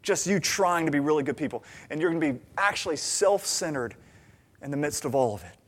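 A man's voice: a little high, a little fast. A man preaching a sermon, telling stories and acting out the people in them. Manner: animated storytelling, acting out characters' lines. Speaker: pastor.

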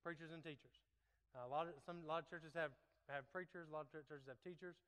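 A man's voice: a little high, fairly even intonation, fast, fairly bright tone, clean tone. A man, preaching conversationally and earnestly, often checking in with "okay?", leading into an altar call. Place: church sanctuary. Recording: long reverb in a church hall.

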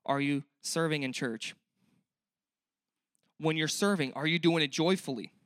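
A man's voice: fairly high pitch, unhurried, fairly bright tone, clean tone, no echo, studio quality. A young man preaching a sermon in a church, earnest and conversational, often asking the listeners questions. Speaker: pastor.

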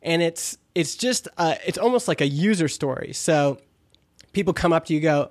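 A man's voice: fairly high pitch, animated, moderate pace, no echo, studio quality. A man hosting a podcast, talking casually in a chatty, rambling way with restarts. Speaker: podcast host.

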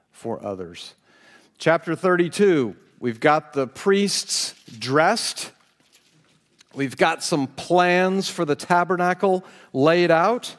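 A man's voice: fairly high pitch, long reverb tail. A man preaching a sermon, reading scripture aloud with dramatic voices and chuckling as he comments. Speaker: pastor.

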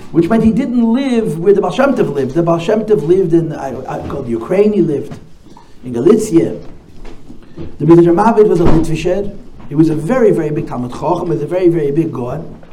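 A man giving a talk as a rabbi, telling stories in an animated way and repeating key phrases. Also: high voice. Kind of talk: storytelling talk at a gathering. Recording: echoey room, faint noise.

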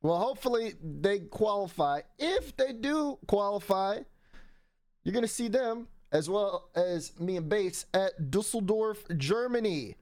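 A man's voice: high-pitched, expressive, a little slow, a little mellow, no echo, studio quality. A man hosting a casual esports show, reading promos in an upbeat, joking way. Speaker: show host.

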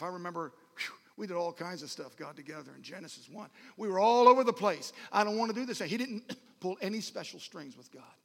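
Folksy preacher guy, high gravelly voice, rambles with little jokes, big echoey church hall. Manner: folksy, rambling with joking asides. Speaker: pastor. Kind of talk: sermon. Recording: long reverb of a large hall.

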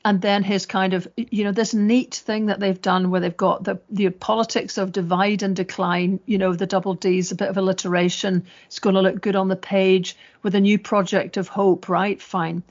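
A woman's voice: mid-range voice, little pitch movement, normal speed, hardly any pauses, a little mellow. A woman hosting a casual political podcast, chatty and sardonic, quoting lines in mock voices. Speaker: podcast host. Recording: dull lo-fi audio.

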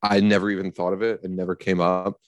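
Male podcast co-host, low voice, wry and conversational, dry close sound. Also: level tone, quick pace, no room sound. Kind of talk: casual movie review chat.

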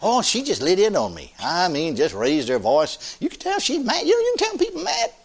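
Lively folksy preacher, older man. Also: high voice, fairly quick, husky. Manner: folksy, animated, laughing often with the congregation. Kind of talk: sermon.

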